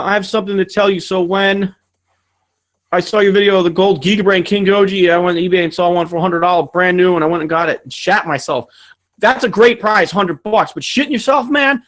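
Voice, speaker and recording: High-voiced man ranting on a livestream. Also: fairly bright tone. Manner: rambling, profane, ranting. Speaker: channel host answering viewer questions. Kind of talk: casual livestream Q&A. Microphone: streaming setup mic.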